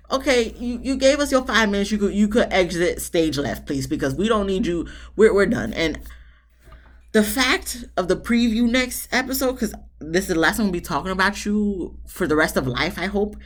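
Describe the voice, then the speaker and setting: A woman's voice: medium pitch, lively intonation, normal speed. A woman reviewing a reality TV episode in casual, blunt, sassy commentary with slang and exasperated rants.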